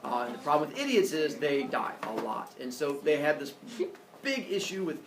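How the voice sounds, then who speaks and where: Animated male teacher in an echoey classroom. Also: a little high, moderate pace. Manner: animated, jokey, acts out voices and sound effects. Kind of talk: classroom lecture with comic storytelling. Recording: roomy echo, mic far off, faint room noise.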